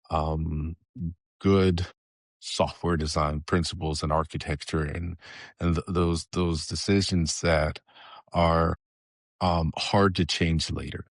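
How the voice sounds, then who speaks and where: A bass-voiced, middle-aged man with a Southern US accent, this software engineer is a podcast guest in casual interview chat. He's hesitant, restarting often. The recording is dry and studio quality.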